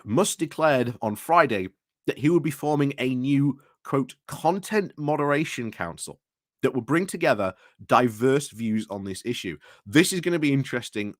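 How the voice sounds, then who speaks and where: A man's voice: medium pitch, no echo. Rambling British man, dry close sound. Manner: rambling, with restarts and asides to chat. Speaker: livestream host. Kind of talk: casual livestream commentary. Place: indoors at home.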